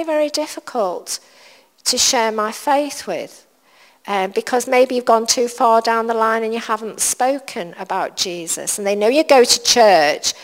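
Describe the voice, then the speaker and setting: A woman giving a sermon in a church, earnest and encouraging, repeating short phrases for emphasis. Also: mid-range voice. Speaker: church leader. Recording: long reverb of a church hall.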